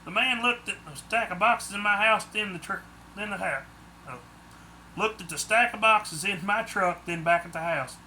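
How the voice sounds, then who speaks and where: Reading his own book aloud, a man gives steady, unadorned first-person audiobook narration at a normal pace. The voice is high, very bright and sharp-edged, and a little hiss or hum can be heard.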